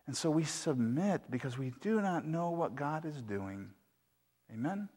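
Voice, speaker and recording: Pastor preaching with swinging emphasis, echoing hall. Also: male voice, animated. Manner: swings from soft and slow to loud and high for emphasis. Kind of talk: sermon with storytelling. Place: church sanctuary. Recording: long reverb of a large hall.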